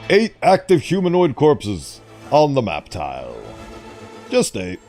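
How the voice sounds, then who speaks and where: Brief: male gaming commentator, slow and drawn out, playful grandiose asides over light music. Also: mid-range voice, wildly swooping pitch, mellow. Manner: theatrical, mock-grand asides. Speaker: gaming YouTuber. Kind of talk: casual gameplay commentary.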